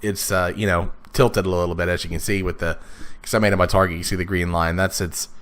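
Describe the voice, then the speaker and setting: A man with a raspy, stuffed-up voice, casually talking through his gameplay with lots of fillers and restarts. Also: deep voice, little pitch movement, quick pace, a bit bright. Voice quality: raspy, congested from blocked sinuses. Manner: rambling, many fillers and restarts. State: sniffly, stuffed up. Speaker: let's play gamer.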